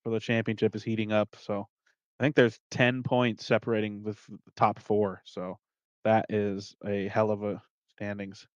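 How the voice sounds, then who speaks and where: Laid-back male league organizer, smooth voice. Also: lowish voice, normal speed, no echo, muffled recording. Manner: relaxed, swears, laughs often. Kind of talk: casual chat.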